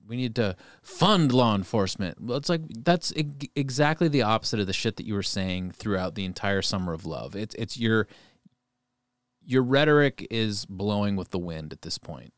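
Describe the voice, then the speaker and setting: A man's voice: lowish voice, animated, moderate pace, no room sound. A man on a podcast, ranting heatedly and swearing as he talks politics. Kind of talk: casual political podcast chat.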